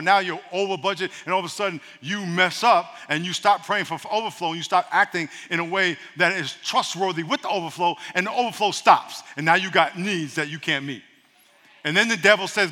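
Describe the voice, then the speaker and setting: A man preaching a sermon as a pastor, lively and humorous, leading the congregation in call-and-response. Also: high voice, fast talker, in a large hall.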